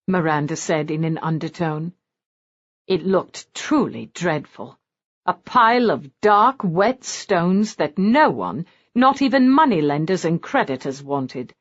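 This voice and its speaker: A woman reads a romance novel aloud in an expressive narrating style. Her voice sits low and moves in lively pitch swings. The recording sounds dull and lo-fi. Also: measured pace. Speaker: audiobook narrator.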